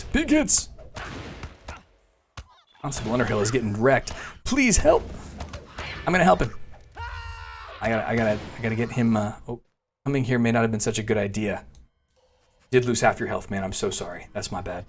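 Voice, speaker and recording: A man's voice: on the low side, steady tone, brisk, pauses often, slight background noise. A man giving casual, playful gameplay commentary, with apologetic, laughing asides. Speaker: let's play host.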